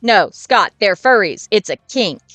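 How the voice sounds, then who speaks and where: A woman's voice: mid-range voice, lively intonation, measured pace, a bit bright, dry recording, faint music behind. A woman voicing a smart, exasperated teen girl who explains things dryly and impatiently.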